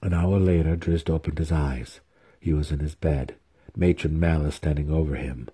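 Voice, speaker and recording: A man reads a fantasy novel aloud at a steady, unhurried pace. His voice is very low and mellow, with a husky grain. It sounds like a storybook reading. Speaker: audiobook reader.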